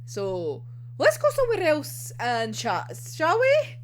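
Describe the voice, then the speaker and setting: A young woman excitedly recapping an anime episode, swearing and laughing often as she talks. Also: high voice, takes it slowly. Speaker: anime reviewer.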